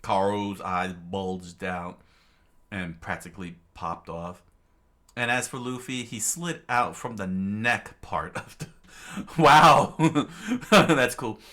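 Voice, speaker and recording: A man's voice: deep voice, steady tone, takes it slowly, pushed and bright. A man reading a comic aloud, rambling with fillers and giggling as he goes. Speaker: reader of a comic. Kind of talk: loose improvised comic reading.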